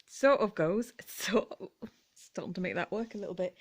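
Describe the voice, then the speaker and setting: A woman's voice: mid-range voice, moderate pace. British woman vlogger in a mid-range voice, chatty and giggly, loose unscripted ramble. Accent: British English. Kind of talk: casual chat.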